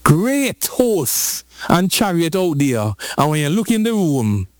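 Slow-preaching man. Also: fairly high pitch, big pitch swings, no echo. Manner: playful storytelling with repetition and call-and-response. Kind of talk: sermon.

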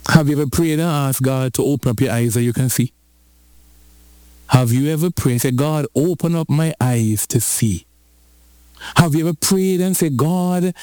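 Man preaching, unhurried delivery, higher voice, playful repetition, call-and-response. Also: expressive, darkish tone, no room sound. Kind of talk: sermon.

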